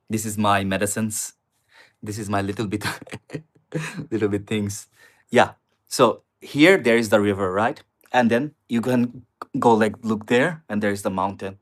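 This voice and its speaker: Chatty male streamer. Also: fairly low pitch. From China. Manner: chatty, addresses viewers as guys, answers chat comments. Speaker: live streamer. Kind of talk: casual live stream chat. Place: small studio apartment with river view.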